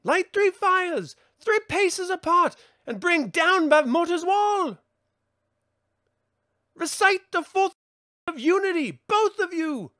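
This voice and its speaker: Shrill old enchantress played by a man, giving orders in a lively, swooping voice. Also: takes it slowly, no echo, studio quality, heavily acted. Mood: commanding. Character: old commanding sorceress, female.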